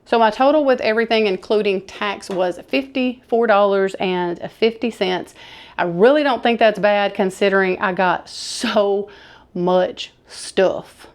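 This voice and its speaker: A woman's voice: mid-range voice, unhurried, smooth. A woman, chatting enthusiastically to camera as she shows off her thrift haul. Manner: chatty, enthusiastic, says y'all. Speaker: thrift vlogger showing a haul. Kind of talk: casual haul chat to camera.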